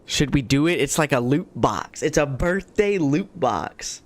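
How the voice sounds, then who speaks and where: Male game streamer, young adult, very animated pitch, jokey, excitable, casual chat. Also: measured pace. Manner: excitable, jokey, swings between big highs and low mutters. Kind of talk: casual live-stream commentary.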